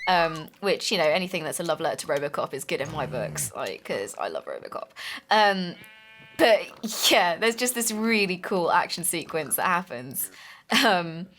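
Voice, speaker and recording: A woman's voice: on the low side, very animated, normal speed, fairly bright tone, slight background noise. A young woman co-hosting a gaming let's play, chatting casually with a bubbly, joking manner and rambling restarts. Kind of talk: casual chat over gameplay.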